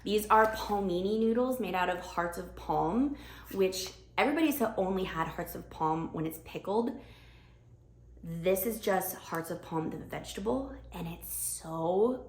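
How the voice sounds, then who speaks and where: A bubbly young woman chatting to camera at home, her voice sitting a little low for a woman. The room around her rings with a noticeable echo, and she talks with eager, chatty warmth. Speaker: vlogger. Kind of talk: casual chat to camera. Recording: echoey room.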